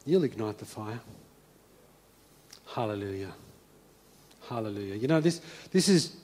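A male pastor preaching a sermon, telling a story and then moving into a soft, hushed call to prayer. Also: fairly low pitch, expressive, unhurried. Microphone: speaking to a congregation and viewers at home.

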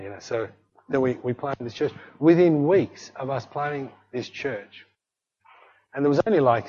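Husky man telling a sermon story. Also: fairly high pitch. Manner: animated storyteller acting out dialogue. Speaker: pastor. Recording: dull lo-fi recording.

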